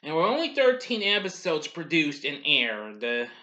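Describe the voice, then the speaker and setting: A man's voice: a little high, sing-song, unhurried, sharp tone, highs cut off. A man hosting a casual spoken review of an old cartoon, rambling along with many "well" and "anyway" asides and frequent chuckles.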